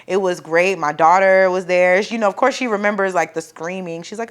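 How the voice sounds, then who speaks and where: A young woman telling the story of her home birth to the camera, casual and profane, acting out what people said loudly and growing soft and quiet when emotional. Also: lowish voice, a little fast. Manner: animated, profane, acts out quoted voices loudly.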